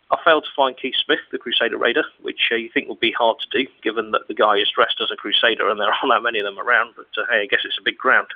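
A man's voice: mid-range voice, no room sound. A male caller giving a chatty, analytical football rundown on a call-in show. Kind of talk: call-in sports talk. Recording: dry tinny phone line.

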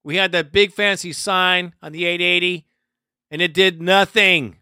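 A man rants solo as a podcast host, heated and profane. His voice sits high and bright. The sound is dry and close, with no room around it. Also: fairly even intonation, unhurried, clear, resonant tone, no echo. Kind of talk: solo ranting commentary.

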